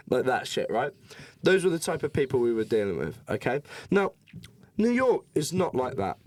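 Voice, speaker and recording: A man's voice: medium pitch, moderate pace, background noise. A young man telling a story in casual, sweary podcast chat and acting out other people's voices. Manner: animated, swearing, acts out voices. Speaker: podcast co-host.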